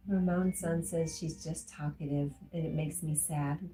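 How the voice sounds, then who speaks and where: A woman with a low, mellow voice hosts a casual livestream, reading chat messages aloud and replying to each one. Faint music plays in the background. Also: steady tone, measured pace. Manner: warm, reads chat comments aloud, gets emotional.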